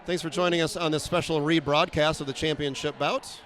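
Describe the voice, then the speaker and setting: A man calling a roller derby bout play by play, quick and wry, with frequent fillers and self-deprecating asides. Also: a little high, fairly even intonation, fairly bright tone. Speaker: play-by-play announcer. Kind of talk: live sports commentary.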